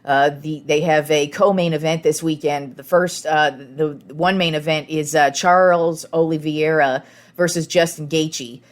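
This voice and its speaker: A woman's voice: sits low, fairly even intonation, measured pace. A young woman hosting a casual sports podcast, talking frankly and with plenty of filler words.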